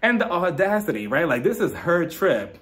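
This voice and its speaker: A man's voice: high-pitched, sing-song, moderate pace, fairly bright tone. A man recapping a reality show in a casual, gossipy way, laughing often and acting out quotes.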